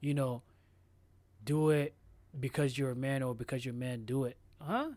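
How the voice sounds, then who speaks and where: Measured male co-host, dry close sound. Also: mid-range voice, fairly even intonation, darkish tone, dry recording. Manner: measured, questioning, clears throat often. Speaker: podcast co-host. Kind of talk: casual chat.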